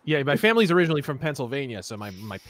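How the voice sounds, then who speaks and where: A man's voice: medium pitch, sing-song, rapid-fire, crowd noise. A man from Arizona in a casual podcast chat, easygoing and explaining at length.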